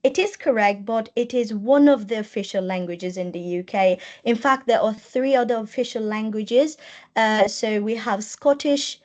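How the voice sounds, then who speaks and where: A woman's voice: fairly high pitch, normal speed, a little mellow, muffled recording. Woman giving a webinar talk. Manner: explanatory, repeats and rephrases while talking. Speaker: webinar presenter. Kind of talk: webinar lecture. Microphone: computer mic on a video call.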